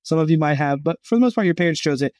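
A man's voice: on the high side, racing, no room sound, clean studio sound. A middle-aged man, a guest on a podcast interview, telling stories with energy and acting out the voices of the people in them. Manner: animated storyteller acting out quoted voices. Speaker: guest speaking for a Christian gap year college.

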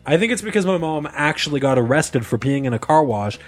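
A man hosting a casual comedy podcast, joking and laughing with friends, playful with quick asides. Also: a little high, expressive, soft background music. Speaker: podcast host.

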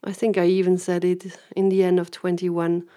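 Woman, warm relaxed timbre, chatty storyteller who rambles and laughs. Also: on the low side, normal speed. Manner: rambling, laughs often, acts out quoted voices. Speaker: vlogger and coach. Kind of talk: casual personal storytelling.

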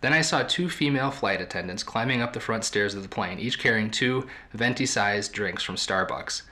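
Man reading a story in a bright, lowish voice. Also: normal speed. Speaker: podcast host. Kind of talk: reading aloud from a book.

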